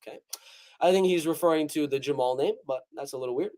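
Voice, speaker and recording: A young man with a high, light voice hosts a casual fight-picks livestream. He jokes his way through the chat comments in an easygoing, chatty manner. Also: fast talker, darkish tone. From North Carolina. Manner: reads chat comments aloud, joking. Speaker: MMA prediction livestream host.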